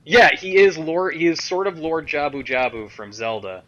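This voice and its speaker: A man's voice: a little high, lively intonation, normal speed, fairly bright tone, muffled recording. A man hosting a casual gaming stream, chatting and laughing. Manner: chatty, laughing, quoting lines in voices. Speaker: stream host.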